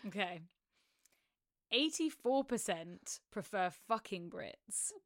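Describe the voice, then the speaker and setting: A woman's voice: mid-range voice, big pitch swings, takes it slowly, fairly bright tone, dry recording, clean studio sound. A young British woman with a British accent co-hosting a podcast in frank, sweary, casual chat with frequent laughs. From Britain. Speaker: podcast co-host.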